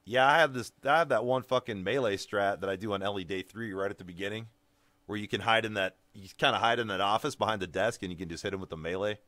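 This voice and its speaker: A male streamer giving casual gameplay commentary, excitable and swearing freely. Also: on the low side, quick pace, no room sound.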